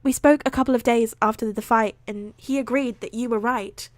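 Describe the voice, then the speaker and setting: Firm, worried young woman friend read by a woman streamer; higher, insistent. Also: fairly even intonation, fairly quick, no room sound, close to an everyday voice. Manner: firm, pressing.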